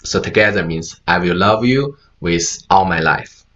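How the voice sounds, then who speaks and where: A man whose first language is Mandarin Chinese gives a talk at a conference, explaining slowly with many fillers and mixing in Mandarin words. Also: sits low, a bit bright, muffled recording. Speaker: conference speaker. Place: conference room.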